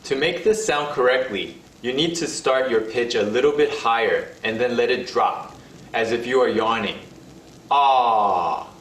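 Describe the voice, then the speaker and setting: A man giving scripted instructions in a language lesson, demonstrating each sound with slow, drawn-out vowels. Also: mid-range voice, fairly bright tone. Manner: slow, carefully paced delivery with sung and held vowel demonstrations. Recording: roomy, distant-sounding recorded video.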